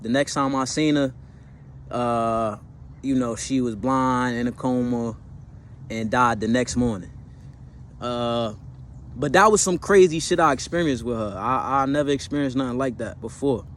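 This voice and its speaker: A man's voice: medium pitch, slight background noise. Slangy young man telling a story. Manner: slangy, profane, rambling with fillers and self-corrections. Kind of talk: casual personal storytelling.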